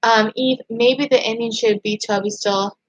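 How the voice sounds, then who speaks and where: A woman with a fairly high voice chats loosely on a home livestream, reading comments aloud as she goes. She rambles in an excitable way and keeps tripping into restarts. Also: normal speed, highs cut off. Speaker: YouTube channel host. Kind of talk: casual livestream chat reading viewer comments.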